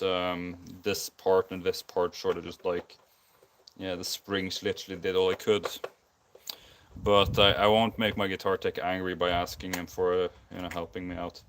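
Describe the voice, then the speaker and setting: A man's voice: sits low, fairly bright tone, slight background noise. A tired man with a Scandinavian accent, rambling casually with many ums and restarts while building a guitar live. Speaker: streamer. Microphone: basic non-professional mic.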